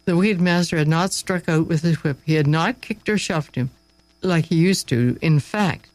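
Brief: male narrator, read-aloud story, expressive with dramatic slowing, dry booth sound. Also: fairly high pitch, no room sound, rough recording.

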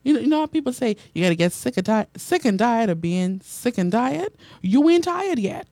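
Animated woman preaching, mellow and dry. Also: on the high side, fairly quick, dry recording. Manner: animated preaching, repeats phrases, reads out comments. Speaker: radio and online preacher host. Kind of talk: sermon.

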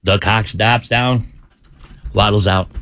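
A male morning radio host in casual banter, telling a joke with lively swings of pitch for the characters. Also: slow pace. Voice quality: animated storyteller, swings pitch for the joke's characters. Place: radio studio.

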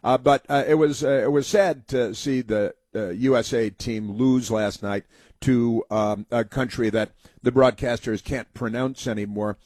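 A man holds forth as a talk-show host, stumbling through his points with constant fillers and false starts. His tone is sneering and sarcastic, his pitch sits in an ordinary middle register, and the sound is dry and close, with no room around it. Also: steady tone, darkish tone, no room sound. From United States. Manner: rambling, halting, heavy with fillers. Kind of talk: political opinion monologue.

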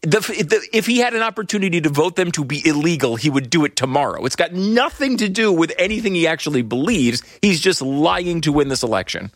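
A man's voice: on the high side, expressive, a little fast, few pauses, no room sound, studio quality. A man hosting a casual political comedy podcast, sarcastic and laughing often. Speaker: podcast host.

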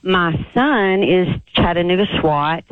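A woman calling in to a radio show, earnest and quick to laugh, heard over a phone line. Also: fairly low pitch, lively intonation, no echo. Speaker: caller.

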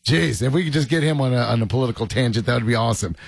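Gravelly, animated sports radio host. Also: male voice, mid-range voice, racing, dry recording. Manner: joking, rambling, laughs often. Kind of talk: casual sports radio chat.

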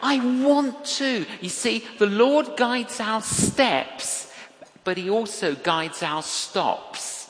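A man delivers a sermon slowly and deliberately, spinning a wry personal story and hammering points home through repetition. His voice rings through a large hall with a long, roomy reverb. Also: high voice, lively intonation, a bit bright. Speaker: preacher.

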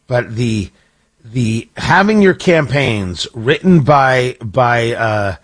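Husky, animated talk radio man. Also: a little high. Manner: sarcastic, animated, rambling asides. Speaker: radio talk show host. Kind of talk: opinionated talk radio commentary. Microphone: studio microphone.

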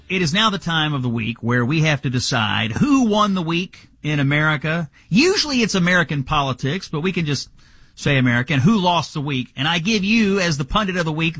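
Bright husky-voiced radio host man. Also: a little high, expressive, dry recording. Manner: brisk and upbeat, addressing a guest. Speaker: radio talk show host. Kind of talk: casual radio talk.

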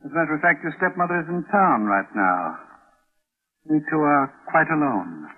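A man's voice: a little high, normal speed. A cold, menacing stepfather. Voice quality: smooth, calm menace. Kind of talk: 1940s radio acting. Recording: tinny old radio broadcast.

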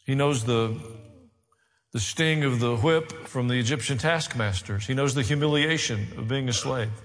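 A pastor preaching a sermon, with wry asides, building to raised, emphatic delivery. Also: male voice, mid-range voice, a bit bright. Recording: long hall reverb.

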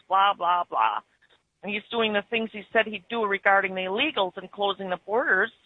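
A woman's voice: medium pitch, no room sound, narrow, tinny audio. A woman calling in to a radio show, with an Upper Midwest American accent, chatting in a folksy, opinionated way. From Germany, raised in Wisconsin. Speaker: caller. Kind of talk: casual radio call-in chat.

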